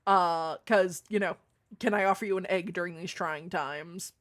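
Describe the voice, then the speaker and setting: A young adult woman streamer chatting casually with her viewers, swearing freely, with a deeper voice than most women. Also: moderate pace. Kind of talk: casual live-stream chat.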